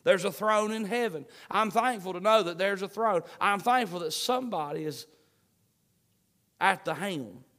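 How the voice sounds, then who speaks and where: A man's voice: high voice, moderate pace, bright, forceful tone. A man preaching a sermon to his congregation, repeating key phrases and building emphasis. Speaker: pastor.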